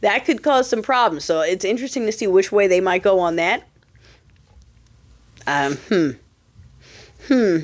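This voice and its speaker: A woman's voice: medium pitch, animated, unhurried, pauses often. Woman hosting a solo podcast; blunt, sarcastic ranter in a casual commentary style. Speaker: podcast host.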